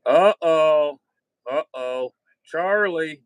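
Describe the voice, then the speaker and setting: A man's voice: fairly high pitch, slow, a bit bright, no room sound, low-quality recording. A middle-aged man chatting casually over ham radio, rambling with restarts and mild cursing.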